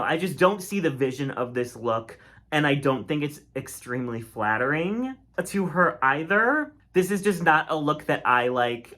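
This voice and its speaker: A man's voice: mid-range voice, sharp tone. A man giving a casual, opinionated critique monologue, chatty and full of filler words. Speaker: drag race commentator.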